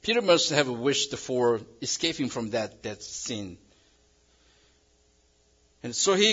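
A man preaches a sermon in English that is not his first language. He moves between dramatic loud emphasis and quiet, hushed moments, and his pitch rises and falls widely. His voice is husky, and the recording sounds muffled. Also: sing-song, measured pace. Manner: non-native English phrasing. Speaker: pastor.

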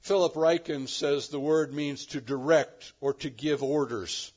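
A man's voice: a little high, unhurried, a little mellow, breathy edge. A middle-aged male pastor preaching a verse-by-verse sermon, with emphatic rises on key words. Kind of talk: expository sermon. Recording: dull lo-fi sermon recording.

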